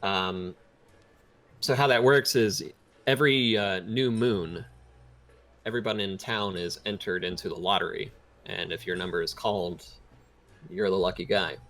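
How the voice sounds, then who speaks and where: A man as dungeon master, narrating and speaking for characters in a measured, expository way. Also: sits low, fairly bright tone. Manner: expository, measured, with many fillers. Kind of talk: narrating a tabletop game in character.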